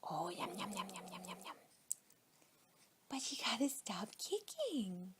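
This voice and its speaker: A woman in her thirties talking to her baby in slow, sing-song baby talk, half-whispered at times, at home during a diaper change. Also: medium pitch, sing-song, slight background noise.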